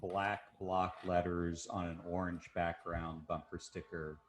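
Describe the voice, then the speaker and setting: Really deep voiced guy chatting about old memories, bit of hiss behind. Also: level tone, a little slow. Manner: reminiscing, enthusiastic about music. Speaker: podcast co-host. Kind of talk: casual chat.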